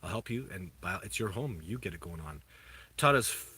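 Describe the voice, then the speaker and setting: Low-voiced man rambling on a livestream. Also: animated, bright, forceful tone, husky. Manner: rambling, halting, with many restarts. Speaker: livestream host answering viewer questions. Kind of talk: casual live chat.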